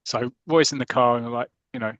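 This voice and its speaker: A man's voice: mid-range voice, quick pace, no echo, muffled recording. A man hosting a podcast, retelling a comic story in casual chat and acting out the characters' lines. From England. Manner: animated storytelling, acting out quotes. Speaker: podcast host.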